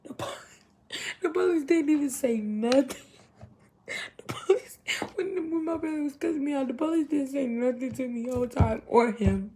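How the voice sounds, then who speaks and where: A young adult woman telling a storytime to her viewers in an animated, chatty way. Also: high-pitched, moderate pace, long pauses, a little hiss or hum. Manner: animated, chatty, heavy use of 'literally' and 'y'all'. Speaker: vlogger. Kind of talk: casual storytime.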